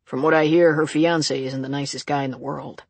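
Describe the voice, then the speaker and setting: A reader voicing a calm, gently probing male sheriff in an audiobook. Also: medium pitch, a little fast, vocal fry, husky, dry recording. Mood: businesslike. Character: calm steady man, a rural sheriff. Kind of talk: audiobook character reading.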